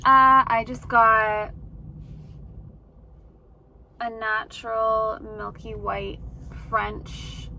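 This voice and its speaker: A young woman from Canada chats for her vlog, sleepy and yawning, leaning on "like" as she rambles. Her voice sits a little high and she talks slowly. Road noise from a moving car hums clearly behind her, caught on a phone. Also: fairly even intonation, bright, forceful tone. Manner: chatty, lots of "like" fillers. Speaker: vlogger. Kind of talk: casual vlog chat.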